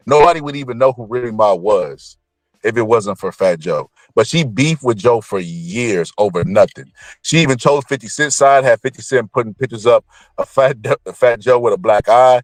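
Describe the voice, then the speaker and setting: A man giving blunt, profane, opinionated celebrity commentary in an animated ranting manner. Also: fairly low pitch, moderate pace, no room sound.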